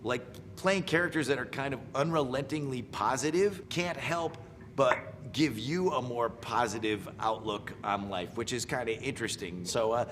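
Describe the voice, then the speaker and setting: A man's voice: medium pitch, moderate pace, long reverb tail, noisy background. A middle-aged man, a voice actor, giving wry, playful commentary on impressions of his characters. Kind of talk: casual reaction commentary.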